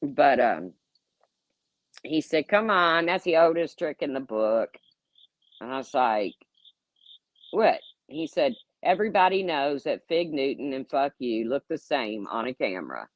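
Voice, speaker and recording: A middle-aged woman with a strikingly deep voice tells candid stories in an easy, unfiltered way. Her pitch moves a lot as she acts out what others said. The sound is close and dry, with little room around it. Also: animated, measured pace, no echo, lo-fi sound. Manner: candid, swears freely, acts out quotes. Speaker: host telling stories. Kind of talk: casual storytelling.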